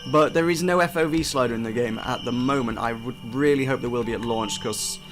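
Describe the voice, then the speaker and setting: A man's voice: medium pitch, fairly quick, fairly bright tone, faint music behind. A young man giving casual, chatty first impressions of a game, self-deprecating and often restarting his sentences. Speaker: game reviewer. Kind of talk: casual gameplay commentary.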